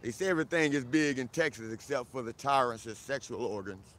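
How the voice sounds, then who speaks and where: Lively man live-streaming from a park. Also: mid-range voice, brisk. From South Florida. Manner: animated, greets viewers by name, laughs often. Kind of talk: casual live-stream chat. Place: outdoors in a park.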